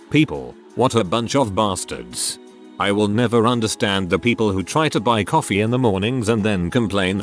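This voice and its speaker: A man narrating online stories in a wry, expressive way. His voice is low, with a lively, varied pitch. Faint music plays behind him.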